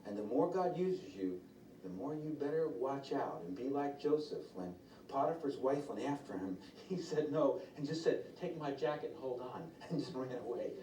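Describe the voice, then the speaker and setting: A man preaching a sermon, telling stories and quoting others in lively voices. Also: mid-range voice, moderate pace. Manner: storytelling, quotes others in lively changing voices. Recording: roomy echo, from far off the mic, faint noise.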